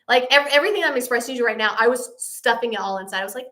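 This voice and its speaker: A woman hosting a live stream, telling a story in a casual, animated, self-mocking way and acting out both sides of the conversation. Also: a little high, fast talker, few pauses.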